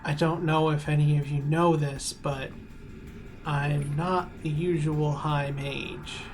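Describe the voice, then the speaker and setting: A man voicing a stand-in high mage who is unsure of the job and speaks in halting bits in a fantasy game. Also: flat delivery, a little hiss or hum. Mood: guarded.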